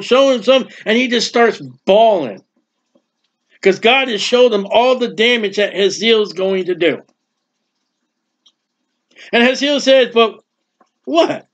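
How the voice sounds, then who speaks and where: Emphatic high-voiced man preaching. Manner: emphatic, repetitive, conversational asides with quick jokes. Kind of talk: verse-by-verse Bible teaching. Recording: dull lo-fi recording.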